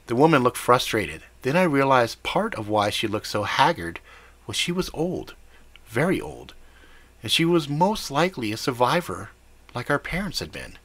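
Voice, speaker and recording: A man's voice: on the low side, big pitch swings, normal speed, a bit bright, dry recording. A man narrating a gritty first-person story in a profane, blunt manner. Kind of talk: scripted fiction narration.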